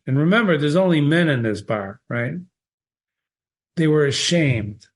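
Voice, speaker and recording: A man with a fairly high voice leads a literature lesson, quoting lines from a story and then questioning them aloud. His delivery is animated and searching, full of rhetorical questions to the listener. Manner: animated, questioning, stops to quote the text and ask rhetorical questions. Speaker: literature teacher. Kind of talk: reading and analyzing a short story aloud.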